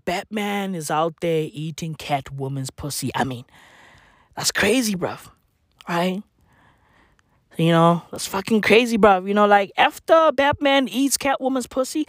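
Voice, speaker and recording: A woman's voice: medium pitch, dry recording, studio quality. A woman delivering a loose, profane comic rant full of slang and asides. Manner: loose, swearing, slang-heavy, rhetorical asides.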